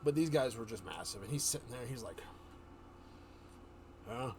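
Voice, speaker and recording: A man on a livestream telling a story in a loose, rambling way, often correcting himself and slipping into quick voices for the characters. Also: medium pitch, lively intonation, vocal fry, darkish tone, a little hiss or hum. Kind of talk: casual storytelling chat.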